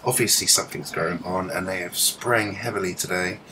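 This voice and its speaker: A man with a lowish voice gives meandering live commentary outdoors. He swears casually and often leaves sentences unfinished. Loud outdoor noise presses in around his voice. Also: moderate pace. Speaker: livestreamer filming the sky. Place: outdoors under the sky.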